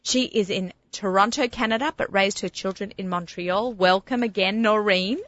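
An Australian woman hosts a casual radio interview from the studio, chatty and quick to laugh. Her voice is bright and crisp, close and dry with no room around it. The sound is a little dull at the top. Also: medium pitch, no echo. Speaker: radio show host.

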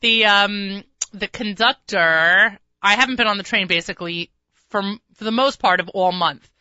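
A woman hosting a radio talk show, telling rambling commuter stories full of quick asides. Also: medium pitch, bright, forceful tone, dry recording, dull audio. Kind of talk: casual radio chat. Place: radio studio.

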